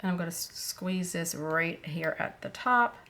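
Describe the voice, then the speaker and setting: A woman talking casually through her budget planner, unhurried and thinking aloud with fillers as she goes. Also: fairly low pitch, bright, forceful tone, slight background noise. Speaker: planner vlogger.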